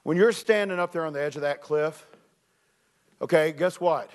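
A man preaching as a youth director, telling a story with animated shouts and earnest appeals. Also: a little high, normal speed. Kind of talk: sermon with personal storytelling.

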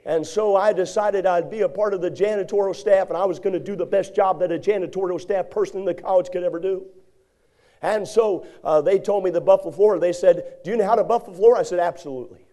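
Brief: male preacher with a high voice, folksy and animated as he tells a story from the pulpit. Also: a little fast. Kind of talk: sermon with a personal story.

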